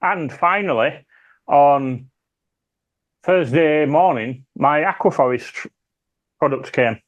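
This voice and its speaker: A man's voice: on the high side, slow, dull audio. A British man chatting casually on a podcast, rambling and trailing off as he talks. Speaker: podcast panelist. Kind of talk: casual chat.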